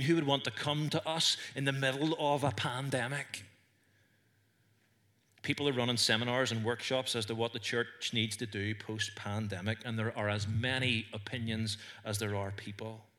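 At a church service, a pastor with a Northern Irish accent preaches earnestly to the congregation, stumbling slightly as he tells stories. His voice is medium in pitch and sharp in tone.

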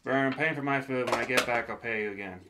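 A man's voice: mid-range voice, fast. Grumbly man playing a tabletop role. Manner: casual and grumbly, swears often. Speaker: player. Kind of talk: tabletop role-play in character. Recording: echoey room, faint noise.

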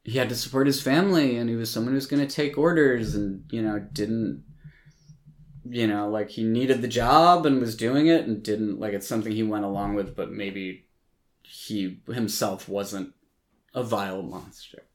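A podcast host with a fairly low voice walks through a film's plot in a loose, casual way. His talk rambles and is filled with likes and ums, with the odd swear word. He sounds conversational rather than scripted. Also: normal speed. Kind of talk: casual film recap.

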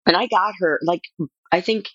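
A woman talking as a podcast guest, telling a personal story in a rambling, animated way with lots of fillers. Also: fairly low pitch, normal speed, no echo, lo-fi sound.

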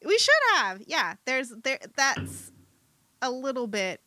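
Chatty woman, bright tone, dry close sound, laughs a lot while talking movies. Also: high-pitched, expressive, takes it slowly, no echo. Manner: chatty, laughs often, trails off and restarts. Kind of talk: casual chat about a movie.

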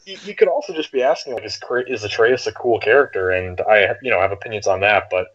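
Guest reviewer, man, low voice, wordy casual podcast chat, muffled lo-fi sound. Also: quick pace, fairly bright tone, slight background noise. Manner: wordy, rambling. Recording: dull lo-fi audio.

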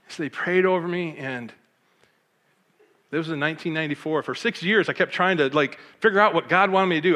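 A middle-aged pastor from Michigan, USA, speaks in a high-pitched voice with a big-room sound. He tells the story of his life as a personal testimony, animated and emotional, acting out the voices of the people in it.

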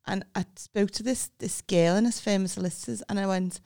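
Middle-aged Scouse woman, podcast co-host, blunt and sweary, crisp close-miked voice. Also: mid-range voice, fairly even intonation, brisk, dark tone, dry recording. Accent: Liverpool (Scouse). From Liverpool, England. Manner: blunt, abrupt-sounding, swears freely. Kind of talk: casual chat. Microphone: close podcast mic.

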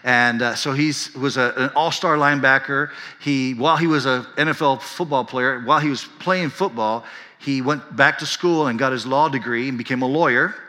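A man's voice: mid-range voice, normal speed, bright, forceful tone, long reverb tail. A pastor in his fifties preaching a sermon, telling a story earnestly and building to impassioned emphasis. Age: 50s.

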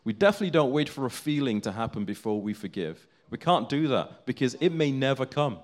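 A man's voice: mid-range voice, lively intonation, fairly quick. A man preaching a sermon, telling a story in an earnest, building way.

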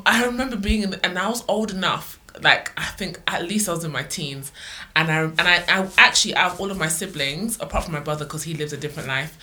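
A woman's voice: fairly low pitch, fast talker. A young woman telling a story in casual chat, laughing often as she talks. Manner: animated, laughs through her stories.

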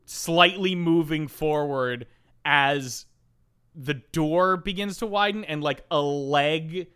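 A man co-hosting a podcast with a crisp, smooth voice and a bright, forceful edge. He talks through a film in an animated, casual way, tossing in jokey interjections. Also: on the high side, takes it slowly. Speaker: podcast co-host. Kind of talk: casual movie discussion.

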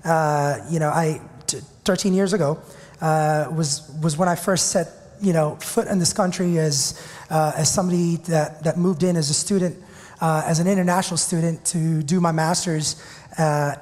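A man's voice: on the high side, steady tone, normal speed, darkish tone. Man preaching in a reverberant church hall. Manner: conversational, self-deprecating storytelling. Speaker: pastor. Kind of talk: sermon.

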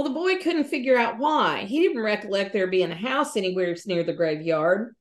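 Folksy woman telling ghost stories. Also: medium pitch. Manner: folksy, pauses with fillers and self-corrections. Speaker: podcast host. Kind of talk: folksy ghost story reading.

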